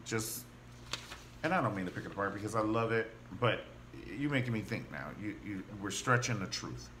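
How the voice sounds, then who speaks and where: A man recaps a TV drama in a loose, gossipy way, often slipping into the characters' voices. His pitch swings widely as he talks. A faint hiss sits under the recording. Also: moderate pace. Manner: animated and gossipy, acts out quotes of characters. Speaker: TV show reviewer. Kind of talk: casual recap and commentary.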